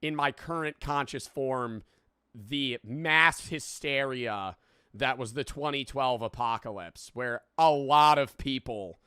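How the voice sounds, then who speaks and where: Bright young guy in his 20s rambling on stream, swears a lot, dry close sound. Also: medium pitch, takes it slowly, clean tone, dry recording. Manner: rambling, swearing, laughing asides. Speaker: streamer reacting to a video. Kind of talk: casual reaction commentary.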